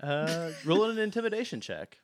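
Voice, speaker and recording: Running a tabletop session, this young game master narrates at a normal speed in a laid-back style, using lots of filler words. His voice is fairly high-pitched.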